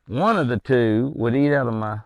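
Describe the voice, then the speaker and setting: Man, gravelly voice, casual outdoor ranch vlog, coaxes deer. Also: medium pitch, lively intonation, moderate pace, no room sound. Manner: coaxing, chatty, coos to the deer. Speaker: ranch owner filming his deer. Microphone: handheld camera.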